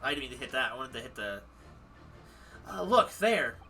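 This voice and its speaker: Excitable male streamer, bright voice. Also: mid-range voice, normal speed, husky. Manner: excitable, reacts with loud outbursts. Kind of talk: live game playthrough commentary.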